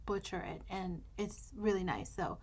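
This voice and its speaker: A woman's voice: mid-range voice, lively intonation, measured pace, husky. An American woman hosting her journaling channel, telling a wry, humorous travel story in a casual chat.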